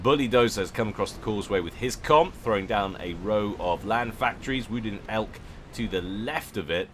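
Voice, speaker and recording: A man's voice: on the low side, expressive, normal speed, slight background noise. A man giving casual, jokey commentary on a strategy game match, chatty and often correcting himself. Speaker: game caster.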